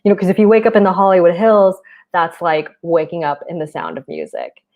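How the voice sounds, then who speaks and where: A woman in her twenties doing a stand-up set for a virtual show, with a deadpan, self-mocking delivery. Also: lowish voice, a little fast. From United States. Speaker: stand-up comic. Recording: muffled lo-fi video call audio.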